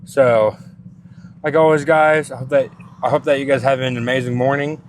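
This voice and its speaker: A man's voice: medium pitch, fairly even intonation, moderate pace, a little hiss or hum. Winded young man vlogging his workout. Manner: rambling, casual, filler-heavy. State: out of breath. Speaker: fitness vlogger. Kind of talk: casual vlog narration. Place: gym, then in a car.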